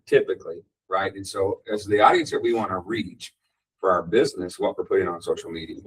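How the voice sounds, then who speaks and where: A man speaking casually on a discussion panel, conversational and animated when quoting others. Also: deep voice, slightly rough, distant mic, rough recording.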